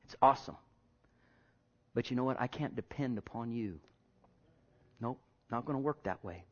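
A male pastor preaching a sermon in a conversational way, repeating himself and jumping from hushed asides to loud bursts. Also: medium pitch, moderate pace. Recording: dull lo-fi sermon recording.

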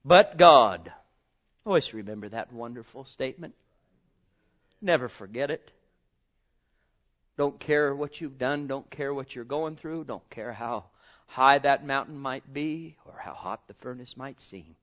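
A man preaching a sermon, reading scripture and swinging from booming to hushed, drawing out his words. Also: a little slow. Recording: dull lo-fi sermon recording.

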